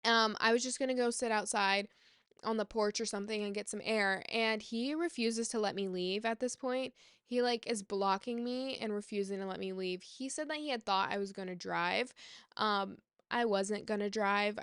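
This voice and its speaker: A woman vlogger candidly retelling a personal story in a halting, rambling way. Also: mid-range voice, a bit bright, smooth, no echo, clean studio sound.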